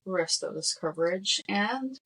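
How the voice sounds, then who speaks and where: A woman's voice: fairly low pitch, lively intonation, a little slow, vocal fry, bright, forceful tone, breathy edge, poor audio. A woman co-hosting a casual movie podcast with her husband, chatty and explaining details. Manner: chatty, explains and translates lines. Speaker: podcast co-host.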